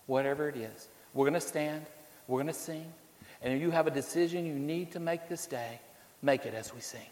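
A male preacher giving a sermon, shifting between quiet pleas and rising storytelling, sometimes repeating words as he searches for the phrase. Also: fairly high pitch, brisk. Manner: builds to loud storytelling, then drops quiet. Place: church sanctuary. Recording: long hall reverb.

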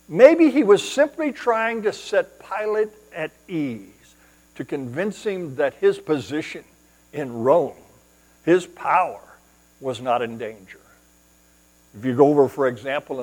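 Male pastor with a high voice, explanatory sermon delivery, given to rhetorical questions. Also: poor audio.

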